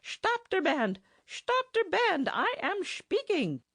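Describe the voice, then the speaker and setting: A woman voicing a loud German band member who shouts in a high, strained voice with a heavy German accent, recorded dry for an audiobook. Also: big pitch swings, unhurried, no echo. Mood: shouting. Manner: shouting over noise. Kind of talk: audiobook character voice.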